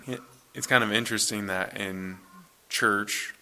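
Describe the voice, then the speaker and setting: A man in his thirties, a pastor, reading scripture and then preaching in a relaxed, conversational way in a church. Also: lowish voice, measured pace. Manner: conversational, relaxed, self-correcting.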